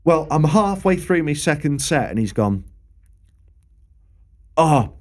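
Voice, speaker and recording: A man's voice: fairly high pitch, big pitch swings, moderate pace. Man, young adult, podcast co-host, sweary, laid-back. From Preston area, England. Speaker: podcast co-host, local musician. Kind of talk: casual storytelling chat.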